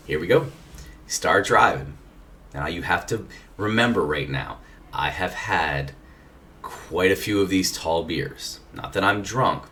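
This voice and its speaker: Deep-voiced man telling a rambling story. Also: sharp tone. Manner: profane, rambling, laid-back. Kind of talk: casual anecdote telling. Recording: distant mic with faint noise.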